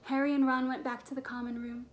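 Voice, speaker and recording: A woman narrates a children's fantasy novel in a clear, steady storytelling voice. Her pitch sits high, with a faint hiss in the background. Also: fast. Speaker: audiobook narrator.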